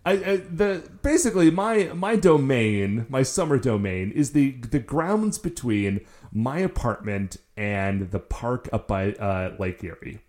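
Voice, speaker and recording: A man's voice: medium pitch, a little slow, few pauses. A man co-hosting a casual podcast, telling a story with a lot of stammering restarts. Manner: animated, stammering restarts when excited. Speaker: podcast co-host.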